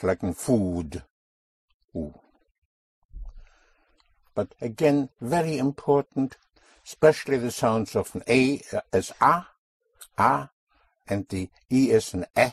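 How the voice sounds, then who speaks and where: A man teaching a spoken language lesson to a student, explaining slowly and deliberately and repeating key sounds. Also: medium pitch, darkish tone, slightly rough, no echo, studio quality.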